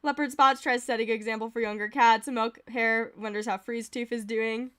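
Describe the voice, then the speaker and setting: Giggly high-voiced woman streamer. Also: fairly even intonation, a bit bright. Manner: giggly, reads events aloud quickly, laughs often. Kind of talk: casual game commentary.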